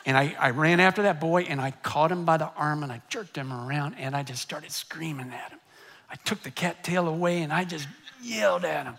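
A middle-aged man, a pastor telling a personal story in a sermon, animated and swinging between loud and hushed. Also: a little high, moderate pace.

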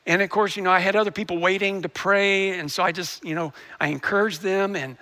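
Bright-voiced male pastor telling a story. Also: sits high, steady tone, a little fast. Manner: storytelling, earnest, with frequent restarts. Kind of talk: sermon.

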